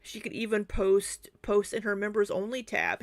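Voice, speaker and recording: A woman's voice: mid-range voice, level tone, moderate pace, few pauses, no echo. A woman hosting a reaction commentary, chatting about clips and often breaking into laughter. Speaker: commentary channel host.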